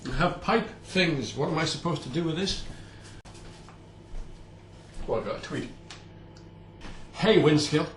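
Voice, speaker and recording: A man's voice: fairly high pitch, animated, normal speed, long pauses, fairly bright tone, reverberant, a little hiss or hum. A man chatting casually while he bakes, with playful, self-mocking asides. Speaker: home baker vlogger. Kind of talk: casual cooking vlog. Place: home kitchen.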